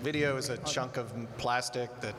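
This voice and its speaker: A man's voice: medium pitch, fairly even intonation, normal speed, fairly bright tone. Laughing man telling panel stories. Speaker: voice actor on a convention panel. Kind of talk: casual panel anecdotes. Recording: echoey hall with a crowd.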